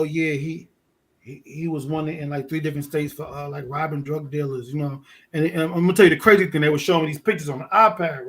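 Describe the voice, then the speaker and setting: Animated New man telling a story. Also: fairly high pitch. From Fort Greene, Brooklyn. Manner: animated, profane street storytelling. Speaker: guest. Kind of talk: casual storytelling.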